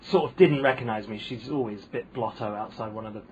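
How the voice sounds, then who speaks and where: A man's voice: fairly low pitch, fast talker, lo-fi sound, a loud crowd. A man with a posh British accent, a comedian guest telling wry anecdotes in casual chat, full of ums and restarts. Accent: posh British English.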